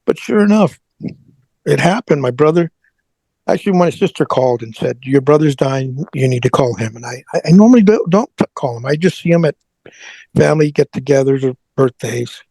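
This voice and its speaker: A middle-aged man, an interview guest, telling an emotional personal story in a halting way, often repeating words as he goes. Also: on the high side, gravelly, a little mellow, no echo, rough recording. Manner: halting, repeats words, prays aloud in retelling.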